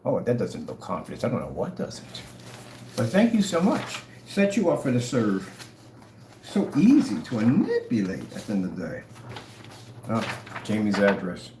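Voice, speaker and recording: A man's voice: lowish voice, huge pitch swings, moderate pace. A man ranting to the camera, mocking and taunting his critics with dramatic swings in tone. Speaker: online product seller. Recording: echoey room, faint noise.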